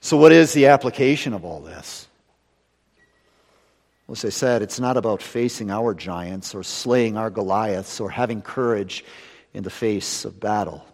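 A man preaching a sermon in dramatic style, slowing down for weight and rising to loud peaks. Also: fairly low pitch, animated, creaky. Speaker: pastor. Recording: long hall reverb.

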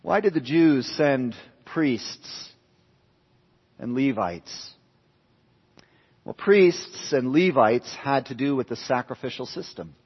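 A man's voice: mid-range voice, expressive, slow pace, long pauses, breathy edge. A man preaching an expository sermon, emphatic, repeating key phrases for stress. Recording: dull lo-fi sound with long hall reverb.

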